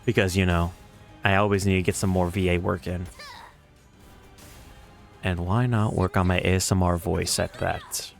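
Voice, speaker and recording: Man, Southern US accent, young adult, low-ish voice, joking, swearing, live game commentary. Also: moderate pace, vocal fry, long pauses, soft background music. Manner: joking, swearing, bursts of excited laughter. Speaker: streamer. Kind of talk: casual live gameplay commentary.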